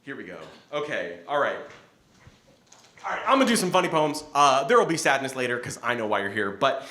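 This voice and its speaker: A man's voice: medium pitch, big pitch swings, brisk, bright, forceful tone. A male poet reading his spoken word poems live, with rambling, self-deprecating, laughing asides between them. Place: event hall with audience. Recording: echoey hall.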